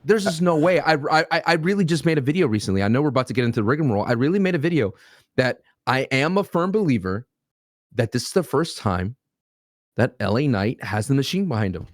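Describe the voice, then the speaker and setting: A man's voice: medium pitch, very animated, fast, dry recording, studio quality. A man co-hosting a podcast, arguing in casual banter with playful mock grief and bursts of stammering. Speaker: podcast co-host.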